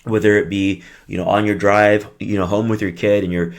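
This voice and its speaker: A man's voice: fairly low pitch, flat delivery, a little fast, vocal fry. A middle-aged man, a behavior analyst, giving a conversational parenting lesson and acting out short dialogues. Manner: conversational, acts out little dialogues.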